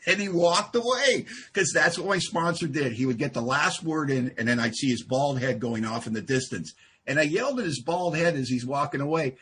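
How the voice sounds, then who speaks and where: A man giving a humorous share at a recovery meeting, an animated storyteller who acts out dialogue. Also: on the high side, moderate pace, slightly rough. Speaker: AA speaker.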